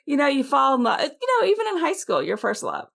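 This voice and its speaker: A woman co-hosting a casual podcast, talking in an animated, chatty way with lots of asides. Her voice sits a little high and has a gravelly fry to it. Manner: chatty, animated storyteller with laughs and quick asides. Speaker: podcast co-host. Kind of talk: casual chat.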